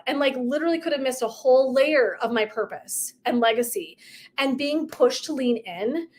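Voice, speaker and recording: This purpose and legacy coach, a middle-aged woman, speaks in a high voice at a moderate pace. Her casual, emphatic motivational talk to viewers is full of asides and tangents.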